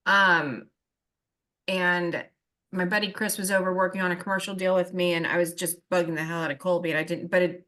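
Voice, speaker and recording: A middle-aged woman on a group video call rambles through stories in casual chat, acting out the people in them and quoting their dialogue. Her voice sits on the low side, with a level tone, a fairly quick pace, and a pushed, bright quality.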